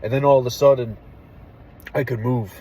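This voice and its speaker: A young man, an army veteran, telling a story casually and candidly, with plenty of swearing and a hushed drop in voice at the tense parts. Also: medium pitch, fairly even intonation, moderate pace, breathy edge, muffled recording. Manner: candid, profane, drops to a hush for tense moments.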